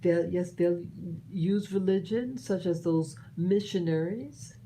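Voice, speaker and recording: Slow, mellow-voiced woman musing earnestly. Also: on the low side, a little hiss or hum, rough recording. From United States. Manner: earnest, halting, with many restarts. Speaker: vlogger sharing opinions. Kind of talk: personal commentary monologue.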